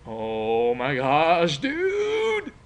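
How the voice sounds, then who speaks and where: A man playing a teenage boy who tells a friend about a crash in wild, shrieking excitement. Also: a little high, drawn-out words, heavily acted. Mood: ecstatic. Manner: shrieking, breathless, over-the-top excitement. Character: teen boy gushing to a friend, wildly excited.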